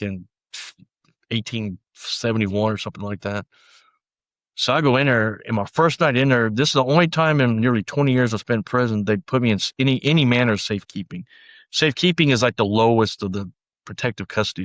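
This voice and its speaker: A man's voice: medium pitch, fairly quick, fairly bright tone, dry recording, highs cut off. A man as a podcast guest, telling his story bluntly in a rambling, casual way with lots of fillers. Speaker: podcast guest, former sheriff's deputy.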